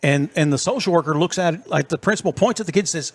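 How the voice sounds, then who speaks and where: Man telling an animated story. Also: a little high, fast talker, husky. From East Texas. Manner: animated storyteller acting out quotes. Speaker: podcast co-host. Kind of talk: casual storytelling chat.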